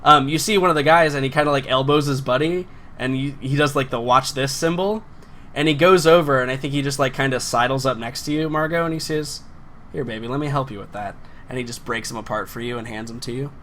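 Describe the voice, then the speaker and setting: Male game master, mid-pitched, halting delivery, faint hiss behind. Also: a bit bright. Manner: hesitant, full of fillers and restarts. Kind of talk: narrating a tabletop game.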